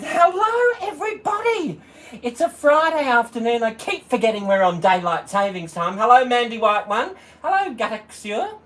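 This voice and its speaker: A man's voice: extremely high pitch, lively intonation, normal speed, a bit bright. A man hosting a casual livestream, greeting viewers one by one and laughing often as he chats. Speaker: livestream host.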